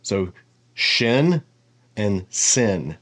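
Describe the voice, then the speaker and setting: Man, lowish voice, casual lesson, relaxed, thinks aloud, explains patiently. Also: drawn-out words. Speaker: teacher.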